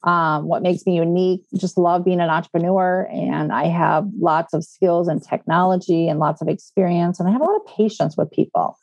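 A woman's voice: on the low side, darkish tone, no room sound, highs cut off. A woman from the Upper Midwest, a guest entrepreneur chatting in a friendly, easygoing way. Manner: friendly, easygoing, laughs often. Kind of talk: casual interview chat.

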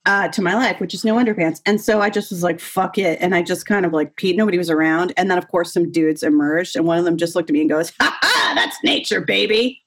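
A woman chatting on a podcast, animated, full of "like" and acted-out quotes. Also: lowish voice, fast, few pauses. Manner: animated, acts out quoted people, frequent "like". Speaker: podcast co-host. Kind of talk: casual chat.

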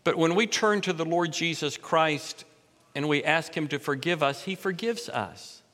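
A middle-aged man delivers an expository sermon from the pulpit. His voice sits high and bright, and it climbs and swells when he stresses a line. Long reverb from the sanctuary trails each phrase. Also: moderate pace. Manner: expository preaching, rising in pitch and force for emphasis. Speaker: pastor.

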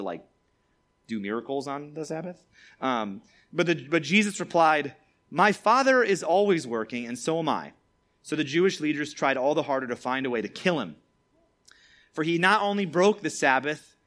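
A chatty male preacher teaching a Bible passage to a group, in a slightly high voice. He talks casually and keeps checking in with "all right?". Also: a bit bright. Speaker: youth preacher.

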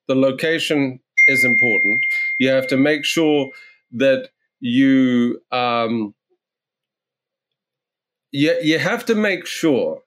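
Male guest, higher-pitched, energetic storyteller doing advice talk. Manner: energetic anecdotal coaching, acts out dialogue. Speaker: guest real estate agent. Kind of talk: interview storytelling.

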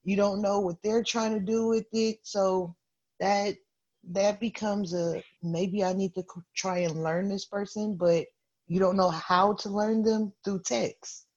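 A man joins a casual podcast conversation. He works through his ideas slowly, feeling for the right words. The recording sounds a little muffled. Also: high voice, fairly even intonation, a little mellow. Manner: thoughtful, searching for words. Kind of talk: casual group podcast chat. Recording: slightly dull lo-fi sound.

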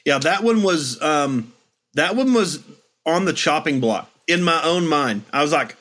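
Middle-aged man, slightly high voice, reflective, storytelling, casual chat. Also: expressive, a little slow, a bit bright. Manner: reflective, storytelling with acted-out quotes. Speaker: podcast host.

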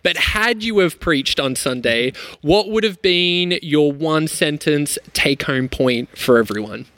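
A man hosting a church podcast, upbeat and quick to laugh as he introduces guests and questions. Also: on the high side, lively intonation, fairly bright tone, smooth, no echo. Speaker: podcast host.

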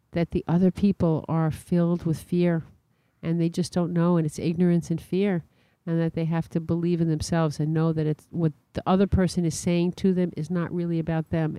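A psychologist answering an interview question, speaking gently and reflectively. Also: mid-range voice, clear, resonant tone, dry recording.

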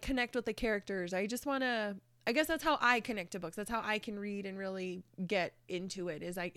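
A woman's voice: medium pitch, a bit bright, clear, resonant tone, dry recording. Chatty, earnest woman recommending books. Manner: chatty, swears casually, many fillers; earnest, emotional. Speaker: book vlogger. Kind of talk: casual chat.

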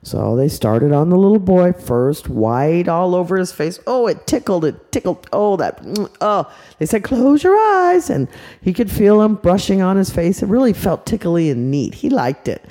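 Animated older woman telling a kids' story. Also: fairly low pitch, normal speed. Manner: animated, chatty, aside-filled. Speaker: storyteller grandmother. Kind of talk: children's story narration.

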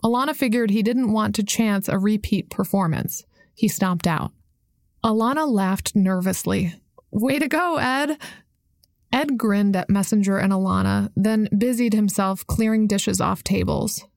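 A woman reading an audiobook in a measured, even storytelling manner. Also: mid-range voice, vocal fry, dry recording, studio quality. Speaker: audiobook narrator. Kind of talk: scripted narration.

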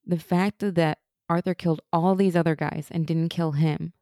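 A chatty woman co-hosting a casual rewatch chat. Her voice sits low and mellow, and she fills her talk with "like." The sound is dry and close. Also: steady tone, dry recording. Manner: chatty, uses "like" often, quick laughs. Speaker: podcast co-host.

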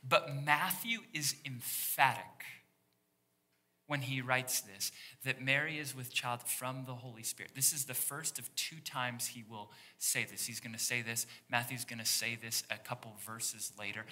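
In a church sanctuary, a pastor with a medium-pitched, bright, forceful voice preaches at a measured pace. His sermon is conversational, and he acts out the voices of biblical figures in the story.

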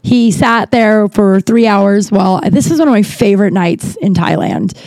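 Woman, podcast host, casual rambling storyteller, candid and a bit profane, mellow tone, dry close sound. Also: mid-range voice, normal speed, no room sound. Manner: rambling, lots of fillers and restarts.

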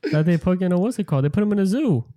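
Mellow, laid-back young man. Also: high voice, lively intonation, quick pace. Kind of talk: casual chat.

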